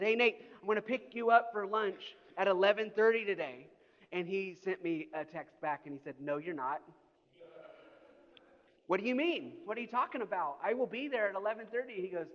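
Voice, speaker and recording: A middle-aged pastor's fairly high voice rings out through a big church auditorium with long reverb, and the recording sounds a bit dull. He preaches with lively, mock-indignant energy as he tells his stories.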